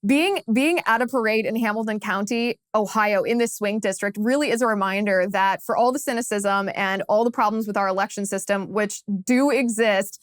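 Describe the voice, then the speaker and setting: A woman in her thirties hosting a political talk show, telling a story in a lively, casual way and laughing along. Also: medium pitch, moderate pace, few pauses, no echo, clean studio sound. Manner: animated, laughs while telling anecdotes.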